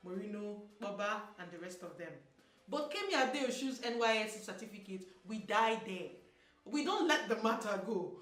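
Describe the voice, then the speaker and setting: A Nigerian woman giving sassy, animated opinion commentary as a vlogger, slipping into Pidgin. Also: on the high side. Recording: roomy echo, mic at a distance, soft music.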